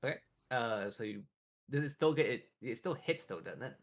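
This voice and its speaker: A man's voice: mid-range voice, animated, normal speed. A man running a tabletop game as game master, chatty and loose, often laughing.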